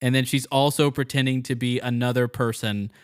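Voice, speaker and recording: A man's voice: mid-range voice, steady tone, fairly quick, clear, resonant tone, no room sound, clean studio sound. A man hosting a casual history podcast, reading out narration and joking with his co-host. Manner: laughs easily, joking.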